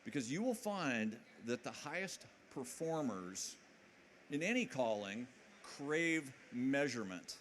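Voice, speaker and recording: A man with a middle-pitched voice gives an energetic motivational talk at a conference, joking and checking in with the crowd. A faint hiss sits under his voice. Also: slow pace. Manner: energetic, jokey, keeps asking the audience questions. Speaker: conference speaker. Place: conference hall with live audience.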